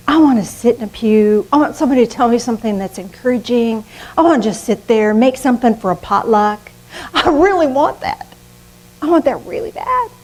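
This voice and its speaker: An older woman preaching a sermon in a lively, conversational way, often laughing at herself. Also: fairly high pitch, breathy edge, poor audio. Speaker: minister.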